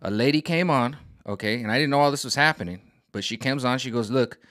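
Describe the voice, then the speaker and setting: A man ranting casually to camera as a vlogger, animated and exasperated. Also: medium pitch, quick pace, no room sound, studio quality. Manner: animated, exasperated, jumps into quoted voices. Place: home room set up for streaming.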